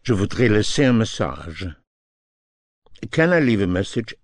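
A man teaching French phrases, explaining each one slowly and repeating it in both languages. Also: fairly low pitch, very animated, no room sound. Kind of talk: slow, deliberate language lesson.

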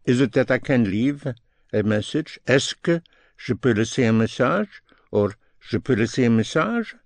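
A man teaching French phrases, explaining each one slowly and repeating it in both languages. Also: mid-range voice, expressive, creaky, no echo. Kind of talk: slow, deliberate language lesson.

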